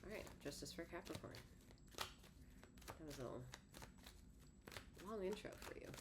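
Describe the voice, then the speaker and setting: A woman's voice: fairly low pitch, a little slow, very noisy. A woman tarot reader talking casually to her viewers, rambling and correcting herself, her words a little lisped and slurred. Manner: rambling, self-correcting, conversational; slightly lisping, slurred words. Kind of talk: solo tarot reading to camera.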